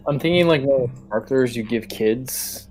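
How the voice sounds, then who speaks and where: A man's voice: mid-range voice, a little slow, a little mellow, faint music behind, poor audio. A man playing a tabletop game, chatting casually and joking. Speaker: player.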